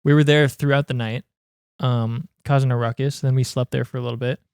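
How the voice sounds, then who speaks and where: A man's voice: mid-range voice, fairly even intonation, a little fast, vocal fry, darkish tone, clear, resonant tone, no room sound, clean studio sound. A man co-hosting a podcast, chatty and recounting anecdotes in casual conversation. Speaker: podcast co-host.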